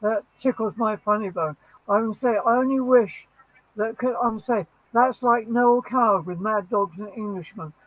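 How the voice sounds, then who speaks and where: A man's voice: high voice, moderate pace, no room sound. An older man chatting casually and reacting with rambling enthusiasm, full of restarts. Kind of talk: casual chat reacting to a song. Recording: tinny phone-like line.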